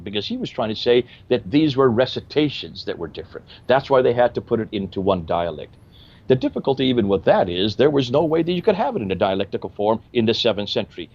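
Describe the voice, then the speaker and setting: A man's voice: fairly high pitch, muffled recording. A man giving emphatic, lecture-style commentary and asking rhetorical questions.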